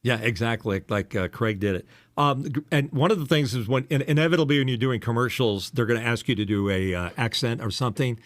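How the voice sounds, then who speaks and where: A man in mid-range pitch chatting casually as a podcast co-host. He is animated and keeps slipping into quick impressions as he tells commercial voice-work stories, captured in a dry, close recording. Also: no echo. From United States. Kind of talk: casual chat.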